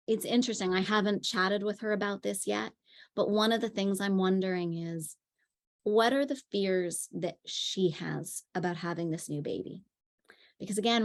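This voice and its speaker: Chatty woman parenting coach. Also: medium pitch. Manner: chatty storytelling with frequent fillers. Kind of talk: conversational teaching talk.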